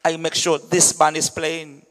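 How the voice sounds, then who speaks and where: A man who hosts an event, hyping the acts in a lively, chatty way and often saying "understand me". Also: fairly high pitch, a little slow. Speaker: event host. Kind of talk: hyping announcements at a media launch. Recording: long reverb in a hall.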